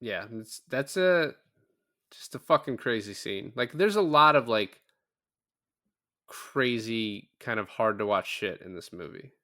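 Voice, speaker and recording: A man's voice: mid-range voice, lively intonation, measured pace, bright, forceful tone, dry recording, clean studio sound. A man co-hosting a podcast, casually recapping a film, acting out quoted lines and swearing freely. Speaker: podcast co-host. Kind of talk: casual movie recap chat.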